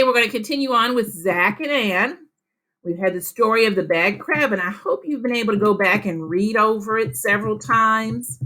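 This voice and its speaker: Female teacher, slow patient delivery for young readers, encouraging tone, mid pitch. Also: a bit bright. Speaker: elementary school teacher. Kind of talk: reading lesson for young children.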